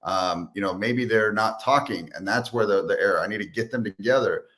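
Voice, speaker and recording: A man's voice: fairly low pitch, fairly quick. A man who is a guest on a podcast, telling business stories in casual chat and acting out quotes as he goes. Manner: animated storyteller, acts out quotes. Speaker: guest, sales expert and entrepreneur.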